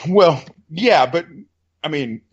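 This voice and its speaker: Excitable, profane man chatting on a podcast. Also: on the high side, slow pace, slightly rough, dull audio. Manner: loose, profane, excitable with many fillers. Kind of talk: casual podcast chat.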